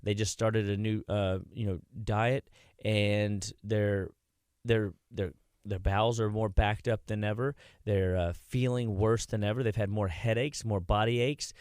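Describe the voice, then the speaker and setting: A man with a low voice tells long, rambling stories as a guest on a radio talk show. He restarts often and chats casually. The sound is dry and close, with no room echo. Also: fairly even intonation, a little slow, darkish tone, clean tone. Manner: chatty, rambling anecdotes with many restarts. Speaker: health clinic practitioner, radio guest. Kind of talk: casual radio interview storytelling. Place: radio studio.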